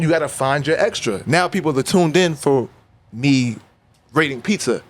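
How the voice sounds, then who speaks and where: Animated New man telling stories. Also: on the high side, normal speed. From New York. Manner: animated storyteller who acts out dialogue. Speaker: rapper guest. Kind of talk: casual interview storytelling.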